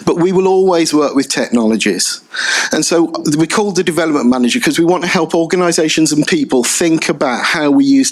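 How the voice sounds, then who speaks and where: A man in his fifties speaking on a conference panel, animated and digressive, often repeating words as he thinks. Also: mid-range voice. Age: 50s. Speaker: panelist, training provider. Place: conference hall stage.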